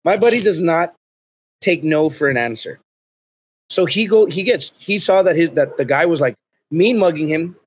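Husky man telling a profane story. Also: a little high, moderate pace. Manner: profane, rambling, animated. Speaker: podcast guest. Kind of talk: casual comedic storytelling.

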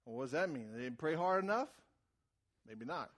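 A man preaching a sermon in a conversational way, repeating words as he starts phrases and rising to loud, shouted emphasis. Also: mid-range voice, animated, fairly quick. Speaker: pastor.

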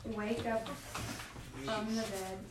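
A woman's voice: mid-range voice, flat delivery, slow. Bible study student, woman, short answers, heard from across a room. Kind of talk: answering in class. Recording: distant in an echoey room.

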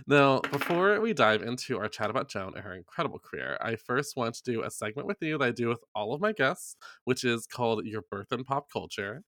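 A man hosting a pop culture podcast, chatty and giggly, reacting quickly to his guest. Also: medium pitch, big pitch swings, fairly bright tone. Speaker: podcast host. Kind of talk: casual chat.

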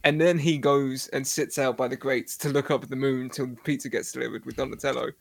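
Gravelly man recapping a plot. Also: mid-range voice, steady tone, brisk, no room sound. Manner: rambling, restarts, recaps the plot. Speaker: podcast co-host. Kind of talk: casual chat recapping a movie.

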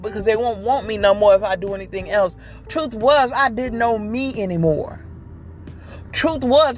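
Emphatic woman giving a preachy pep talk. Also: on the high side. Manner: emphatic and preachy, repeating phrases for rhythm; candid and confessional. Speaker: motivational speaker. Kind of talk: inspirational monologue.

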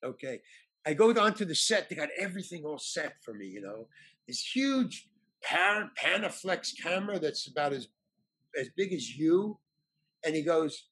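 His voice sits a little high and husky, moving at a normal speed. The storyteller guest relates a long anecdote casually, animatedly impersonating the people in it.

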